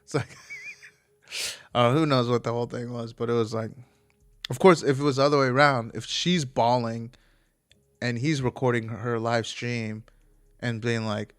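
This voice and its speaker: A man's voice: medium pitch, steady tone, moderate pace, long pauses, clear, resonant tone. A man hosting a casual solo podcast, rambling from tangent to tangent and swearing freely. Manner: rambling, profane, digressive. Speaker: podcast host.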